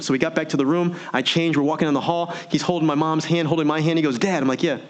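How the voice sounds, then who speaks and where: A man giving an energetic motivational keynote, full of rhetorical questions and audience prompts. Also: on the high side, quick pace, hardly any pauses. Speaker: motivational speaker. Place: virtual meeting event.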